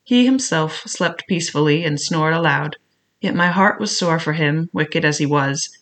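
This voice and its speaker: A man narrating a classic adventure novel in a measured, reflective first-person telling. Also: on the high side, a bit bright. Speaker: audiobook narrator.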